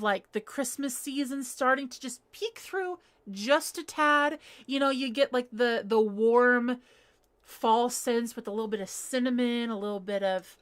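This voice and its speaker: Young woman from norcal chatting on her crochet stream, lots of laughs and tangents, slightly high voice. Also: fairly bright tone. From Northern California. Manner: rambling, giggly, reading chat aloud. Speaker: livestream host. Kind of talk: casual chat while crocheting. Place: home.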